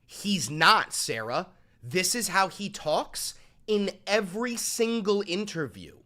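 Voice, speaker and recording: A man's voice: sits high, lively intonation, slow, sharp tone. A man live-streaming scornful, profane commentary over news clips. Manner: scornful, heavy swearing.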